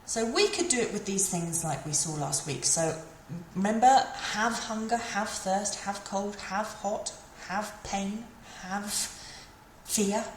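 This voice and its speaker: Woman, mid-pitched teacher, patient and repetitive explainer, roomy recording with light background ambience. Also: slow, slight background noise. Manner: patient, repeats and models French phrases. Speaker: French teacher. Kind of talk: explanatory language lesson. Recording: echoey room, faint ambience.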